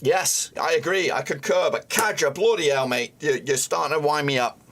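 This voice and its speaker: A man's voice: fairly high pitch, moderate pace, a bit bright. A man streaming a live football watchalong who is frustrated, swears often and talks at the players on screen. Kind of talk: live match watchalong commentary.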